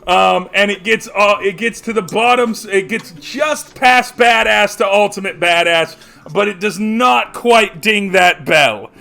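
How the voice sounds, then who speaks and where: A man's voice: high voice, unhurried, gravelly, bright, forceful tone. A man narrating as game master, rambling and often searching for words.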